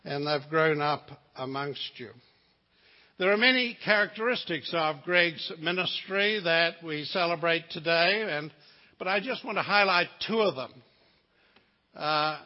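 An older man with a New Zealand accent preaching a sermon as a guest preacher, telling stories with humor and asides. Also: on the high side. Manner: folksy storytelling with asides and humor. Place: church sanctuary. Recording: lo-fi sound in a reverberant church.

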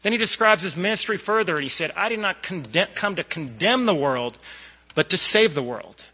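A man's voice: high-pitched, expressive, normal speed. A man from the Boston area giving a conversational sermon, with asides and plenty of fillers. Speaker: lay preacher. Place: church sanctuary. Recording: dull echoey church recording.

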